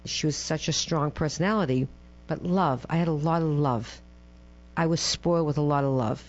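Middle-aged woman, chatty interview guest, lively storyteller, muffled lo-fi sound. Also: low voice, normal speed. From Massachusetts. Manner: lively storyteller, acts out quotes, ends phrases with "right?". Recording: dull lo-fi with mains hum.

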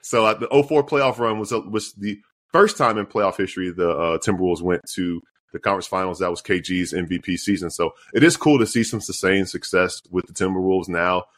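Deep-voiced man co-hosting a sports podcast. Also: brisk. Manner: chatty, playful quizzing. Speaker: podcast co-host. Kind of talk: casual sports chat.

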